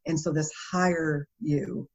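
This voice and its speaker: Female guest, animated storyteller, lower-pitched, lo-fi interview recording. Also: a little slow. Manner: animated storytelling, laughs often. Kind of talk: conversational interview. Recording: dull lo-fi interview audio.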